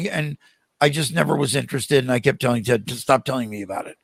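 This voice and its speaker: An older American man, a podcast guest, telling animated stories and acting out the voices of the people in them. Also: mid-range voice, fast, creaky, no room sound. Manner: animated, acts out quoted voices. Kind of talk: storytelling in a podcast interview.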